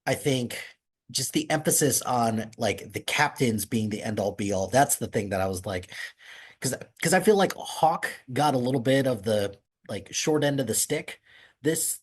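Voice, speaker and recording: A man hosting a casual podcast chat over an internet call, rambling and relaxed with many restarts. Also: medium pitch, husky. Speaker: podcast host. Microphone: remote call over internet.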